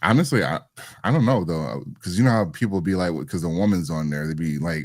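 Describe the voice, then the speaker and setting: A man's voice: sits low, quick pace, no echo. Blunt man with a dry, close sound. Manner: animated, blunt, loose slang. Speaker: podcast co-host. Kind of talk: casual podcast chat.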